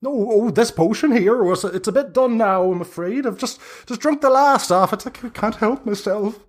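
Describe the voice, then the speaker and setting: A man voicing an old hag peddler woman, fussy and flustered, in a high fluttering voice that frets and mutters. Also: normal speed.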